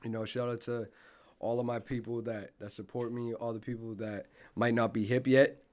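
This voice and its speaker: A young man, a musician guest on a podcast, talking in a relaxed, laid-back way that often trails off softly. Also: mid-range voice, moderate pace, background noise. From Boston. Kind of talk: casual podcast chat.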